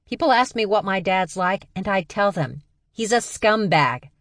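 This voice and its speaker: A woman's voice: medium pitch, expressive, normal speed, a bit bright, no echo, pitched above the performer's own voice. Casting: heated, emphatic young woman woman reading, dry sound. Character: exasperated eldest sister, blunt.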